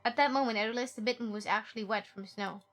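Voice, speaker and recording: A woman's voice: on the high side, quick pace, fairly bright tone, faint music behind. A woman streaming a game, reading the story text aloud and joking playfully with chat, often giggling.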